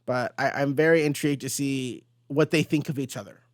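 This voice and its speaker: A man's voice: medium pitch, fairly quick, no room sound. Man recapping comics in a dry room. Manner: animated recapping, quoting characters in passing. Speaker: host. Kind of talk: casual comic book discussion.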